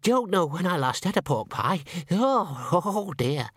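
A squeaky, high, bashful male opera singer put on by a man reading aloud, stammering and nervous. His voice jumps up and down, recorded close and dry. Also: very animated, unhurried, a bit bright, husky, dry recording, full character voice. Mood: nervous, shy.

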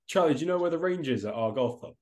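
Racing along in a slightly high, expressive voice with a darkish tone, a man co-hosts a laid-back podcast via video call. He rambles, swears casually and keeps calling people mate.

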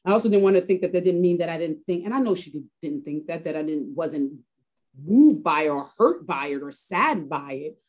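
Brief: a woman from Harlem with a lowish, mellow voice, telling a personal story as an interview guest. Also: animated, brisk. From Harlem, New York. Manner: reflective, with frequent restarts and fillers.

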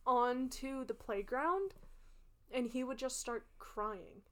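A woman's voice: on the high side, expressive, slow, fairly bright tone. A young woman co-hosting a podcast, casually telling rambling childhood stories with frequent laughter. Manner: rambling anecdotes, laughs often. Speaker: podcast co-host. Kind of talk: casual chat.

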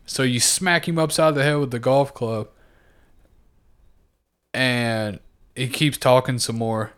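A man co-hosting a casual podcast, retelling scenes with profane, animated asides. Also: mid-range voice, takes it slowly, smooth. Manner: animated retelling with acted-out quotes; profane and laid-back. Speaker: podcast co-host. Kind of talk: casual chat.

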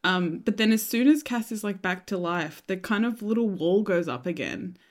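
A woman's voice: mid-range voice, expressive, moderate pace. Chatty woman co-hosting a podcast. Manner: chatty, musing aloud, agreeable. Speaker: podcast co-host. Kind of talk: casual fan podcast chat.

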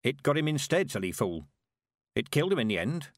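A man voicing a stern, sharp-tongued old woman witch who speaks in curt, commanding tones. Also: medium pitch, very animated, fairly quick, dry recording, clean studio sound, pitched above the performer's own voice, lightly acted.

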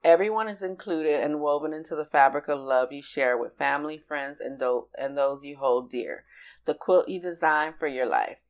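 An older woman with a notably deep, low voice reads a heartfelt letter aloud at a careful, measured pace. She speaks deliberately, giving each phrase its weight. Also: rough recording. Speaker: podcast co-host. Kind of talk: reading a personal letter aloud.

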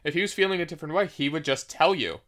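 A man co-hosts a relaxed podcast chat, his voice bright and forward. He rambles, restarts his sentences and scatters "like" through his talk. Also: a little high, rapid-fire. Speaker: podcast co-host. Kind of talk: casual chat.

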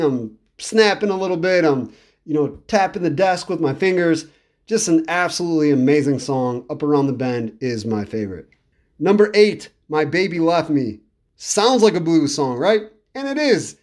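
A man's voice: fairly high pitch, lively intonation, moderate pace, darkish tone. A man with a slightly raised voice talks casually as a podcast host. He rambles with enthusiasm and repeats words for emphasis, as in an easygoing music review monologue.

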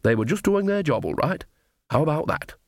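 A man's voice: fairly high pitch, very animated, fairly quick, no echo, clean studio sound, pitched above the performer's own voice. A man voicing a cheerful, earthy old woman witch who talks in a coaxing, chatty way.

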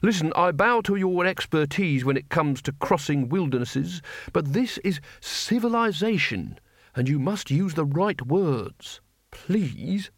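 A man voicing a prim, fussy male schoolteacher who speaks in a precise, deliberate way. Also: fairly high pitch, expressive, no room sound, clean studio sound, voice pushed up. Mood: snappish.

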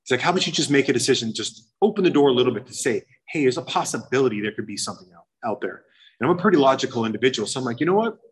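A man's voice: medium pitch, expressive, rapid-fire, breathy edge, poor audio. A young man candidly telling his own recovery story to a meeting, rambling and acting out remembered conversations. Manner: candid, rambling, full of "you know" and quoted dialogue. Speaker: speaker sharing a recovery story. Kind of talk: personal testimony to a meeting.

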